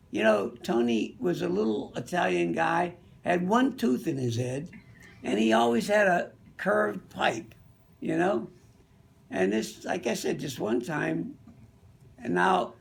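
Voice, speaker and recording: A man's voice: sits high, vocal fry. An older man from the Pittsburgh area telling rambling, fond anecdotes in a casual way. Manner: rambling, fond, with many you-knows. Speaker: storyteller.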